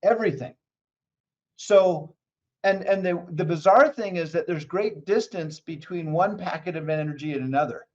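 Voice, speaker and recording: A man's voice: high voice, moderate pace, muffled recording. A man who is a mindset coach, talking as a guest in a conversational interview, enthusiastic and motivational as he tells stories.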